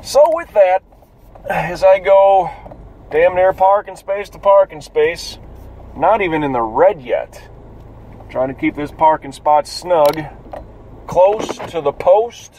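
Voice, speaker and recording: Guy talking to himself while driving, kinda sleepy, swears a lot, bit high voice, loud road hum. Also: slow, rough recording. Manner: profane, rambling, self-amused. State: drowsy, yawning. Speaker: vlogger musing while driving. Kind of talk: casual rambling monologue. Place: in a car, driving. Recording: loud car road noise.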